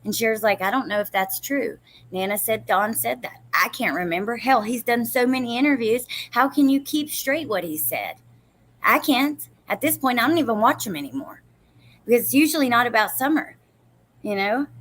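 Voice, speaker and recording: A woman's voice: fairly high pitch, expressive, moderate pace, a bit bright. Chatty woman hosting a livestream. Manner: chatty, rambling, greets viewers by name. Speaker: true crime livestream host. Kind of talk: casual livestream chat, reading comments.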